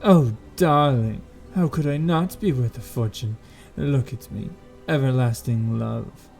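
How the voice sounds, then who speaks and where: A man's voice: mid-range voice, measured pace, creaky, a little mellow, faint music behind. A man voicing a vain, seductive woman with a sultry, self-admiring purr in a tabletop game.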